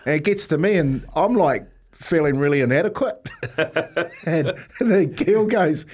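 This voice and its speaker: Chatty New Zealand radio host. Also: male voice, a little high, very animated, a little fast, a little mellow, slightly rough. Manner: rambling, laughing storyteller. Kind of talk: casual breakfast radio chat.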